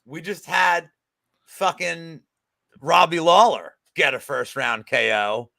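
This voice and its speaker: A man co-hosting a betting podcast chats casually, animated and profane, telling stories with a jokey bent. His voice sits on the high side and moves slowly, gravelly with vocal fry, bright, and forceful. The sound is dry and close with no echo.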